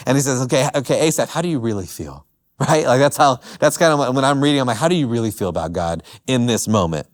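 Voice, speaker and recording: A man's voice: mid-range voice, big pitch swings, a little fast. A young adult man, a youth pastor, preaching a sermon to teenagers in an earnest, emphatic way. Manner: earnest, emphatic, acts out the psalmist's cries.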